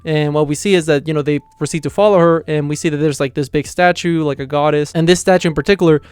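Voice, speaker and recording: A man with a slightly higher voice races through a casual anime episode recap, leaning heavily on "you know" and "like". His voice comes across smooth and clean. The recording is dry and close, with no room sound. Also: steady tone, fast talker, darkish tone, no room sound, faint music behind. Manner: stumbles and restarts on words. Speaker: anime reviewer, channel host. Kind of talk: casual episode reaction review.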